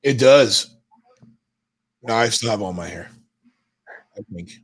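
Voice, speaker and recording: A man's voice: lowish voice, lively intonation, takes it slowly, no echo. Dry-sounding male stream host. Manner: chatty, rattles off player names. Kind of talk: casual live game commentary.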